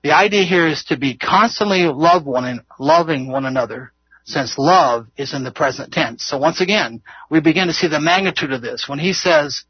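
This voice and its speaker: A man's voice: a little high, moderate pace, breathy edge, no echo, lo-fi sound. A man leading an informal Bible study, earnest and rambling, often laughing at himself. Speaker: Bible teacher.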